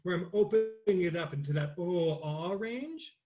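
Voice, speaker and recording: A young man teaching an interactive online voice lesson explains resonance in loose, halting bursts, now and then breaking into sung exercises. His speaking voice is expressive and a little high for a man, and loud music plays over him.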